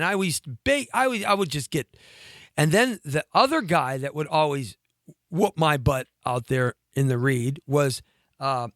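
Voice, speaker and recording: Animated high-voiced man telling a story. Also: dry recording, clean studio sound. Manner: rambling, many fillers and restarts, acts out quoted voices. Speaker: actor telling a story on a talk show.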